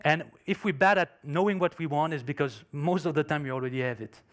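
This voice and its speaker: A man gives a motivational conference talk, emphatically telling a story in English, his second language, with non-native phrasing. His voice is fairly high and fairly bright, and he speaks a little fast.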